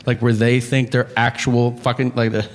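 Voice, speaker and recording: Male stand-up comic with profane, animated storytelling, recorded live with room noise. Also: medium pitch, moderate pace. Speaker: stand-up comedian. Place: live comedy venue. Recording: live hall reverb with ambient noise.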